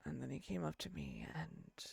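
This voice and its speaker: Gravelly woman telling an in-character story. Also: low-pitched, wildly swooping pitch, moderate pace, darkish tone. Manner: swears a lot, rambling storytelling. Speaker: roleplayer voicing her character. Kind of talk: in-character roleplay chat.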